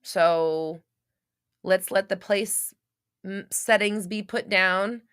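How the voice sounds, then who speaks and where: A woman's voice: mid-range voice, fairly even intonation, slow, a bit bright, clean tone, no room sound, studio quality. A woman hosting a live show, talking frankly with listeners, swearing often, full of fillers and restarts, and acting out little scenes. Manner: acts out little scenes in quoted voices. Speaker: podcast host answering listeners. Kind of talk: casual live chat.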